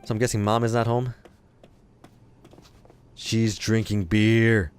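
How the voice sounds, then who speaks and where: A man's voice: fairly low pitch, slight background noise. A young man from the Midwest, casually commenting and joking as he plays through a video game. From Chicago, US Midwest. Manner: joking, talks back to the game characters. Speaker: let's play host.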